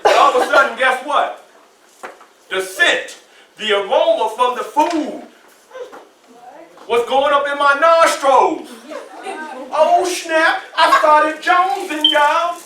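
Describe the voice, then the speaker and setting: A very high, pushed and bright voice belongs to a man in his sixties who talks slowly with long pauses, under a little hiss or hum. Visiting a classroom as a guest speaker, he recounts a personal story with vivid, repeated phrases and questions for the class. The recording is echoey, captured from a distant mic indoors at a school.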